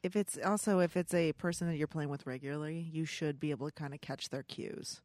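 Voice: medium pitch, fairly quick, darkish tone, dry recording. A podcast co-host explaining things in a direct, emphatic, matter-of-fact way. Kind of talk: casual chat.

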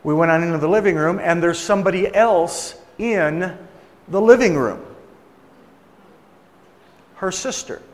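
A man's voice: sits high, measured pace, long pauses. A man preaching a sermon, telling a story in a conversational way and acting out the voices of the people in it. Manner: conversational, acts out quoted voices. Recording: long hall reverb.

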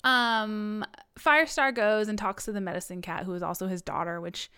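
A woman's voice: mid-range voice, fairly even intonation, normal speed, pushed and bright, smooth. Casual, joking woman recapping a book. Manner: jokey, swears, acts out characters' lines. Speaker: podcast co-host recapping a book series. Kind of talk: casual chat.

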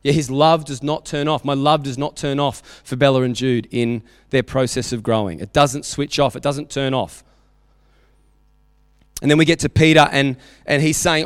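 Animated Australian preacher in a church hall. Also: male voice, mid-range voice, normal speed, studio quality. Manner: animated storytelling, acting out quotes. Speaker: pastor. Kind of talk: sermon.

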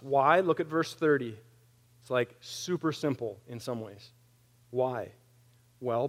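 A man in his thirties preaching a conversational sermon, animated and plain-spoken, with wry humor. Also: mid-range voice. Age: 30s. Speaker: pastor.

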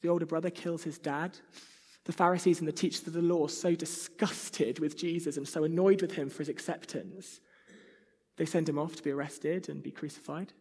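An earnest man preaching a sermon, his slightly high voice a little husky. The sound rings with a long hall reverb, as if in a church. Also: steady tone, fairly quick, darkish tone. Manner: earnest, acts out whiny child voices.

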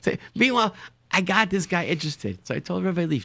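Man telling animated stories, dry sound. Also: fairly high pitch, fast, creaky, no room sound. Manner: animated, repeats words while searching for phrasing. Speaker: storyteller, show guest. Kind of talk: casual anecdote telling.

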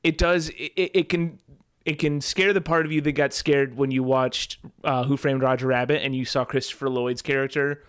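A man's voice: medium pitch, fairly even intonation, normal speed, a bit bright, clear, resonant tone. A man co-hosting a podcast, riffing with playful jokes in casual chat. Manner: jokey, riffing on pop culture. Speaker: podcast co-host.

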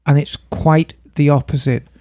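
A woman's voice: low-pitched, fairly even intonation, normal speed, mellow, dry recording, clean studio sound. A woman who runs a motorcycle shop, co-hosting a podcast in frank, chatty talk and laughing easily. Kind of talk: casual podcast chat.

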